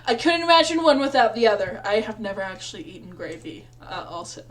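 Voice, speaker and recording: A woman's voice: mid-range voice, fairly quick. A young woman reading a visual novel aloud as a let's play, rambling and self-mocking with frequent laughs.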